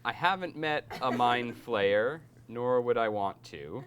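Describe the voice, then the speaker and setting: A man voicing a wary tavern bartender who gives dry, measured answers. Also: mid-range voice, expressive, a bit bright, slight background noise. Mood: guarded.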